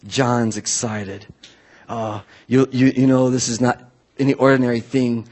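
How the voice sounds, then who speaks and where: A man preaching a sermon in a casual, animated way, often restarting his sentences. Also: medium pitch, moderate pace. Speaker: pastor.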